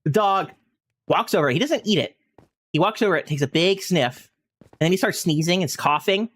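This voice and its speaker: A gaming streamer with a high voice, speaking at normal speed, recounts an amusing anecdote during casual chat on his game stream. He tells it with lots of energy, often laughing mid-story.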